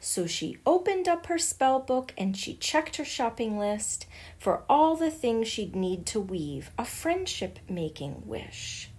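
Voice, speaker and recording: A woman reading a rhyming picture book aloud in an unhurried, sing-song delivery. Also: on the high side, very animated, darkish tone, husky. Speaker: storyteller.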